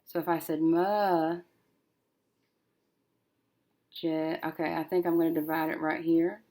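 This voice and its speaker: A woman teacher working through a syllable-division lesson, thinking aloud and slowly sounding out each syllable as she writes. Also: low voice, level tone, darkish tone. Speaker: reading teacher.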